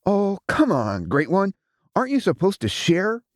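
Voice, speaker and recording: A man voicing Trezor, a resentful younger brother who is a vast cosmic being, in an audiobook; prying, jealous and quick to anger. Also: medium pitch, very animated, vocal fry, dark tone, slightly rough, dry recording, studio quality, exaggerated voice. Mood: angry. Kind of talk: audiobook character voice.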